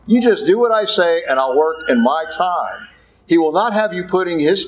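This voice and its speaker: A man with a fairly high voice preaching in a church. He talks plainly and bluntly, like a conversation, and slips into other voices for the people he quotes. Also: rough recording. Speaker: Catholic priest. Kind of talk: sermon.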